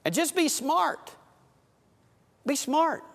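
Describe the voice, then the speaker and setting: A man preaching a sermon, telling folksy farm stories and swinging between loud and soft delivery. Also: extremely high pitch, lively intonation, unhurried, big-room sound. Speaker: pastor.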